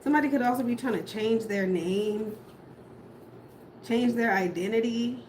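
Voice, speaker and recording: A woman's voice: on the high side, normal speed, a little mellow. A woman doing a casual tarot reading, musing aloud and talking bluntly, with casual swearing. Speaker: tarot reader. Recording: echoey room with audible background noise.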